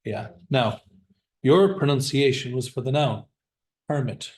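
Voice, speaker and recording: Slow-paced male English teacher. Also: medium pitch, animated, a little mellow, slight background noise. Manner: encouraging, drills words aloud with students. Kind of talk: classroom vocabulary lesson.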